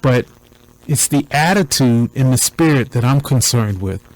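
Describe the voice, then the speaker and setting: A man with a mid-range voice talks through a recording point by point. His delivery is deliberate and preacher-like, with repeated phrases for emphasis. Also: medium pitch, animated, no echo, poor audio. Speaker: commentator. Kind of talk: commentary on a recording.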